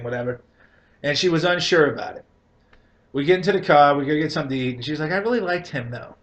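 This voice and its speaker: A man's voice: a little high, lo-fi sound. A man telling a long casual comic rant about his life, loose and profane, laughing between lines. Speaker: comedian telling a story.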